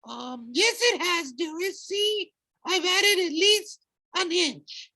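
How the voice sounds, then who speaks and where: A man voicing a nervous young male satyr who poses as a bride in a squeaky falsetto. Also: animated, slow pace, bright, forceful tone, heavily acted. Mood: nervous coy. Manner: nervous, fawning, stalling.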